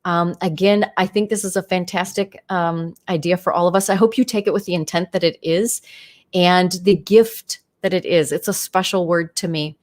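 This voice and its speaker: A woman's voice: fairly low pitch, fairly even intonation, normal speed, a little mellow. A middle-aged woman hosting a casual livestream, talking in a chatty, enthusiastic way with many fillers. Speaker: livestream host.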